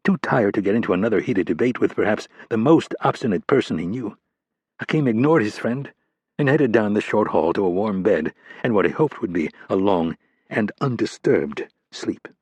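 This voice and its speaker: Husky low-voiced man narrating. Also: expressive, normal speed, a little mellow, no room sound. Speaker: audiobook narrator. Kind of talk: scripted audiobook narration.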